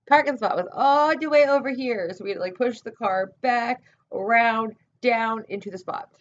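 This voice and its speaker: A woman's voice: on the high side, moderate pace, muffled recording. A woman rambling profanely and self-deprecatingly in a casual vlog, talking to her own camera. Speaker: vlogger. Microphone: camera mic.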